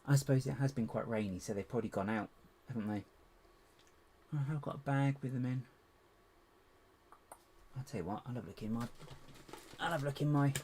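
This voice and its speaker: Chatty man muttering over Lego parts. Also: mid-range voice. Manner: chatty, muttering to himself while hunting for parts, self-mocking. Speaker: LEGO builder and streamer. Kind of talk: casual live-stream chat while building. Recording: steady background hiss with clicks.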